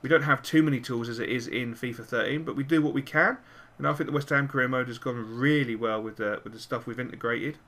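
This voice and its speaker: Excitable man commentating a game. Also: medium pitch, quick pace, few pauses. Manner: excitable, cursing and cheering at the game. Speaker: gaming channel host. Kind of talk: live football video game commentary.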